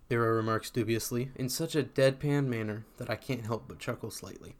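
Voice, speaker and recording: A man's voice: medium pitch, brisk. A man reading a first-person story aloud in a casual, sardonic voice that swears freely. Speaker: community reader.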